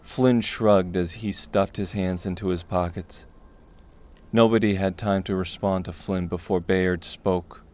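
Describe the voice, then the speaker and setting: A man narrating a dark fantasy audiobook in a steady, measured way. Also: deep voice.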